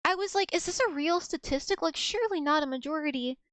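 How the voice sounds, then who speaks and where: A woman's voice: high voice, fast talker, fairly bright tone, no echo. A young woman from the United States chatting casually on a livestream, rambling with restarts and giggles. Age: young adult. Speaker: streamer.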